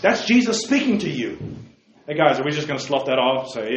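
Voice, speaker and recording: A man's voice: mid-range voice, very animated, fairly quick, echoey room, muffled recording. A man preaching a sermon to young men, with repeated calls of "hey guys" and sudden emphatic peaks.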